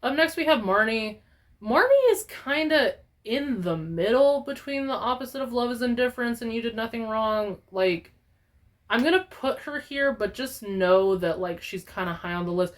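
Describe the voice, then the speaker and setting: A young woman gaming vlogger, talking casually in an animated, profane, exaggerated rant. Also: a little high, moderate pace. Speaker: gaming YouTuber. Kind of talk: casual ranting vlog.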